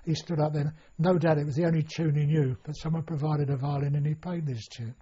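A man's voice: fairly high pitch, steady tone, a little fast, dark tone, breathy edge. An older man telling a long personal story in an oral history interview, rambling and full of fillers and restarts. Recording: dull lo-fi recording.

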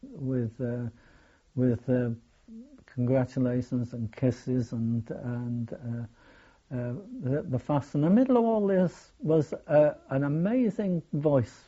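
Halting older Englishman, mellow voice. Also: mid-range voice. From England. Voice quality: hesitant, halting with restarts. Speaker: war veteran telling his story. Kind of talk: oral history recollection. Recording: dull lo-fi recording.

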